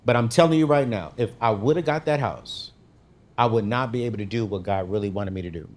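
Appearing as a guest, a man with a lowish, slightly mellow voice briskly tells a personal faith story in casual slang. It is animated storytelling testimony, and he acts out his own quoted lines with big leaps in his voice.

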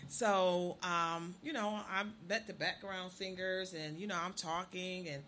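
A middle-aged woman co-hosting a talk show, telling stories in a lively way and laughing often. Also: fairly low pitch, a little slow, crowd noise. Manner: animated storyteller, laughs often. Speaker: radio show co-host. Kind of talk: casual chat, storytelling.

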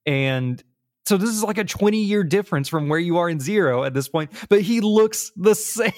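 A man in his thirties chats in a relaxed, rambling way and laughs often. His voice sits a little high. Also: normal speed. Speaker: podcast co-host. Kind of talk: casual chat.

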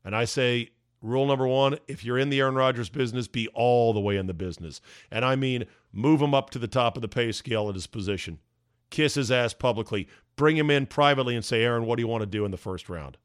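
A man hosting a podcast, delivering an emphatic, ranting opinion monologue with sarcastic asides, his voice going hoarse. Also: mid-range voice, brisk, no echo, clean studio sound. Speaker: podcast host.

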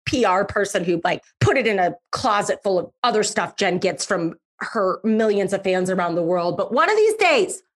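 A woman podcast host with a medium-pitched, slightly rough voice speaks at normal speed with few pauses. She tells a personal story in a casual, chatty way, lively and emphatic, repeating words for effect and using fillers.

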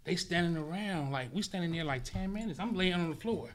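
Male guest from Los Angeles, slightly higher voice, animated and profane storyteller who punches his story up with sound effects. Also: fairly quick, a little hiss or hum. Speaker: interview guest. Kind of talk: casual storytelling in conversation.

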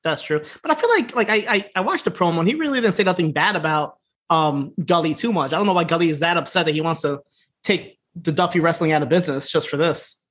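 A man's voice: on the high side, fast talker. Laid-back man recapping a wrestling show. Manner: laid-back, profane, laughing, acts out quotes in animated voices. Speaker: podcast co-host. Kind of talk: casual recap chat.

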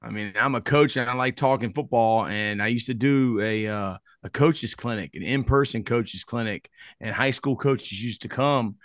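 A man's voice: medium pitch, normal speed, hardly any pauses, no room sound, studio quality. A man, a football coach, chatting as a podcast guest in an easygoing, self-deprecating way. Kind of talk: casual chat.

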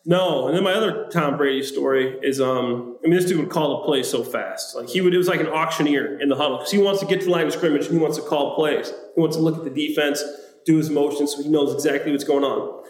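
A man's voice: a little high, fast. A man in his thirties, a former football player, telling stories in a casual podcast chat and acting out the people in them. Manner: animated storyteller who acts out quoted people. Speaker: podcast co-host, former football tight end. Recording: echoey room.

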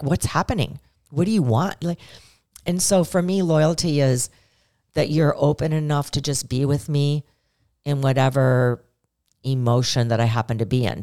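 A woman's voice: low-pitched, a little mellow. A woman co-hosting a podcast, talking earnestly and emotionally, often repeating phrases. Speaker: podcast co-host. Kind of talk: casual conversation.

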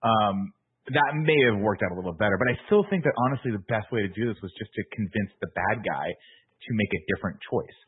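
A man in his forties with a low, husky voice, talking fast and joking in casual podcast chat. The sound is narrow and tinny, as if over a phone. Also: lively intonation. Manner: quick, joking storytelling. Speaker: podcast co-host.

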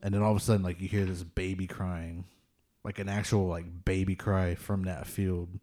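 Man, low mellow voice, casual ghost story, rambling, lots of fillers. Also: moderate pace. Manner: relaxed, rambling with many "like" fillers, laughs at tense moments.

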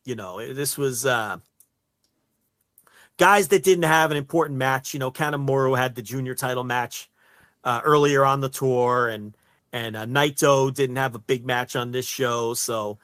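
A man's voice: mid-range voice, a bit bright, no echo. A man co-hosting a wrestling podcast, chatting casually with many fillers and restarts. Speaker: podcast co-host.

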